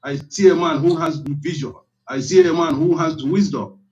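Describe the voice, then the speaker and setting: A man's voice: fairly high pitch, normal speed, a little mellow. A man with a Nigerian Igbo accent, calling in and speaking with passion, mixing Igbo and English. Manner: impassioned, repetitive. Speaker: caller. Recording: muffled phone-in audio.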